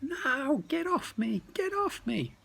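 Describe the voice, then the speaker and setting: Guy putting on a high squeaky girl creature, jumpy and breathless, storybook voice. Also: animated, measured pace, a bit bright, slightly rough, heavily acted. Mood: frightened. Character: shrill excitable female dragon-sitter creature.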